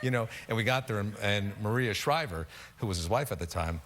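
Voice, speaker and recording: A man's voice: fairly low pitch, lively intonation, fairly quick, very noisy. A man in his fifties, a talk show guest telling dry, self-deprecating anecdotes in casual conversation. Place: television studio.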